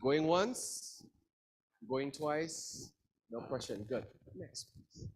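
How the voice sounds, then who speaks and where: A man's voice: on the high side, lively intonation, extremely slow, slight background noise, low-quality recording. A man teaching an interactive communication class, asking the students questions and playfully stretching words for emphasis. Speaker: lecturer.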